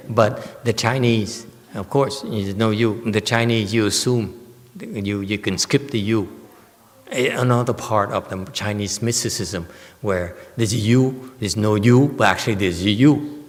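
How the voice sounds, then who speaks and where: A man's voice: lowish voice, measured pace. A man, a Buddhist master giving a Dharma lecture on a sutra, teasing and quizzing his audience with emphatic questions. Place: temple lecture hall. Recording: reverberant hall.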